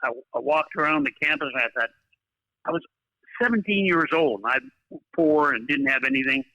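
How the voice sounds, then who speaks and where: Bright, folksy older man with a North Dakota accent. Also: on the high side, expressive, normal speed, no echo, dull audio. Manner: folksy, anecdotal, uses old-fashioned sayings. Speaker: guest, former college basketball coach. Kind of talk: interview storytelling.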